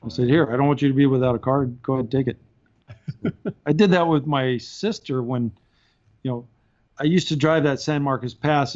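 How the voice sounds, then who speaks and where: A man's voice: medium pitch, a little mellow, highs cut off. A man, a podcast guest, telling casual stories and laughing through his anecdotes. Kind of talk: casual storytelling.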